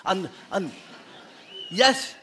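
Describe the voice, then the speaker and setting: A man's voice: high voice, lively intonation, drawn-out words, fairly bright tone, a little hiss or hum. A man, a pastor giving a playful children's talk in a church service, asking the children questions. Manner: playful, asks children questions, laughs often.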